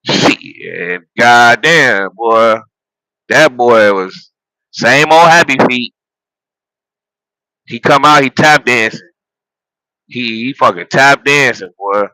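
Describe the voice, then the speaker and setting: A man on a loose, profane football rant, full of laughs and restarts. His voice is bright and forceful, and it sits dry and close with no room sound. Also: mid-range voice, dry recording, poor audio. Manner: animated, profane, laughs at his own jokes; repeats phrases and restarts while building a point. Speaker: sports vlogger and football fan. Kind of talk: casual sports rant.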